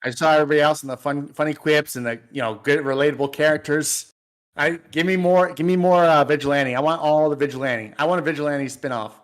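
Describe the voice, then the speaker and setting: A man's voice: fairly high pitch, steady tone, quick pace, few pauses. A male co-host on a casual sports podcast. He speaks with earnest, fan-like enthusiasm and often restarts his sentences as he talks.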